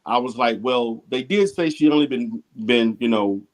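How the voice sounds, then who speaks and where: A man's voice: mid-range voice, normal speed, low-quality recording. A man who is a licensed therapist, speaking as a livestream guest with assurance and frequent restarts.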